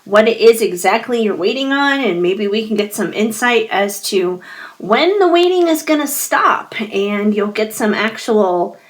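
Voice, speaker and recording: A woman leads a pick-a-card tarot reading at an unhurried pace, musing and reassuring as she speaks to her viewers. Her voice keeps slipping away, and she clears her throat again and again. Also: mid-range voice, expressive.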